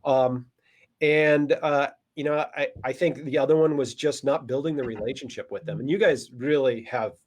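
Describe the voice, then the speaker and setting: A man being interviewed as a guest, relaxed and candid, talking with lots of fillers. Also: mid-range voice, normal speed. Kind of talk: casual podcast interview.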